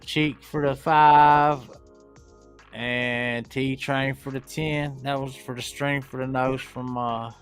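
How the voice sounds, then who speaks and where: A man with an Appalachian accent, hosting a livestream in casual, profane chat and talking in a slow drawl. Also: medium pitch, flat delivery, soft background music. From Appalachian United States. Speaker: livestream host.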